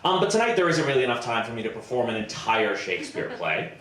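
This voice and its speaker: A man's voice: medium pitch, very animated, fast talker, a bit bright. Improv comic, male, chatty, self-deprecating, echoey venue, faint hum underneath. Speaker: improv performer. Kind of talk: improvised comedy sonnet on stage. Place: festival stage before a live audience.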